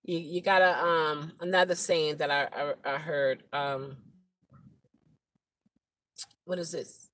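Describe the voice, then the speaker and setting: Unhurried, reflective woman driver vlogging in her car, easy laughter, drawn-out folksy sayings. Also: low-pitched, steady tone, a bit bright, low-quality recording. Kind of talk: casual vlog monologue. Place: inside a car.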